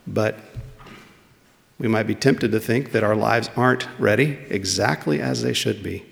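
A man's voice: fairly low pitch, unhurried, gravelly, faint music behind. A man preaching a sermon in a conversational way, putting questions to his listeners. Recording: long reverb of a large hall.

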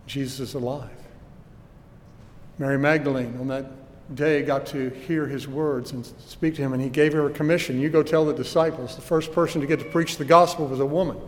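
A man's voice: a little high, in a large hall. A man preaching a sermon with earnest emphasis and rhetorical questions, recorded in a church.

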